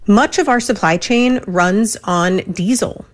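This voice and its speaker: Woman correspondent listing causes crisply. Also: medium pitch, a little slow. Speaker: radio correspondent. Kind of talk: scripted news report.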